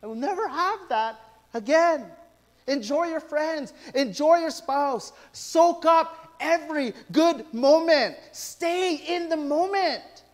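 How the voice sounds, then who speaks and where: Male pastor, middle-aged, sermon, high voice, animated storytelling. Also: slow pace. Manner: animated storytelling with quoted asides.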